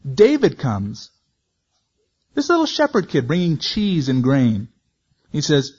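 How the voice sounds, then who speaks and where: A man's voice: fairly high pitch, wildly swooping pitch, slow, pauses often, darkish tone, husky. A man teaching verse by verse from the Bible, reading scripture aloud and then adding casual, conversational comments. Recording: dull lo-fi recording.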